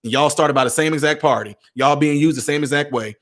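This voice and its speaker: An animated male vlogger delivering a sarcastic commentary rant in a fairly high voice. He stammers and restarts often, shifting between loud and soft. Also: fairly quick.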